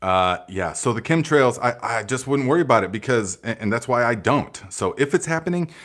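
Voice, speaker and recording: A man hosting a live gardening Q&A, chatting casually with viewers, sarcastic and animated, laughing often and saying "okay" and "guys" a lot. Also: medium pitch, brisk. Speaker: gardening channel host.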